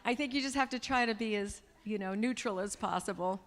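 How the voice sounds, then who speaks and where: A woman's voice: mid-range voice, brisk. A woman in her sixties, a guest speaker answering audience questions in a chatty storytelling way. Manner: chatty, warm storytelling with laughs. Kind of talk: Q&A talk to an audience. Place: large event hall. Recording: hall reverb from a live event room.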